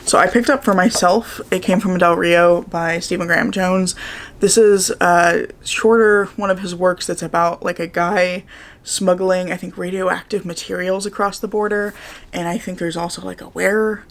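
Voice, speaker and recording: A woman with a slightly hoarse morning voice, chatting casually and upbeat about the books she got in a haul, rambling with fillers. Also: on the low side, fairly even intonation, moderate pace. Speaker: book vlogger. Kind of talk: casual book haul chat.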